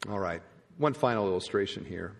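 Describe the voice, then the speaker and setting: A male pastor preaching a sermon, his voice rising loud and then dropping to hushed endings. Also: on the low side, fairly quick, creaky. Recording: church hall reverb.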